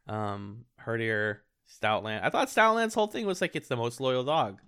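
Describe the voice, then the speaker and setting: A man's voice: medium pitch, expressive, normal speed, a bit bright, clean tone. A man co-hosting a podcast in casual chat, playful and jokey, laughing at his own lines. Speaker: podcast co-host.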